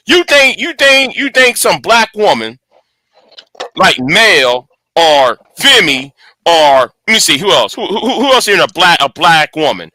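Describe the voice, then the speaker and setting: Animated angry man ranting, bright voice. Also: sits high, unhurried, no echo. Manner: angry, profane, repeats and restarts words. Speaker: channel host. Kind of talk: casual livestream rant.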